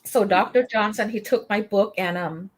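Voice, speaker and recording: A woman guest, a military veteran and author, telling a story in an interview with passion, halting often and restarting her sentences. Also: mid-range voice. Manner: impassioned, halting, many fillers and restarts.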